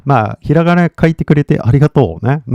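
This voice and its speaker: A man's voice: medium pitch, lively intonation, rapid-fire, vocal fry, dry recording. A man with a Californian accent giving casual livestream English coaching, blunt and rambling with swearing, on dull lo-fi stream audio.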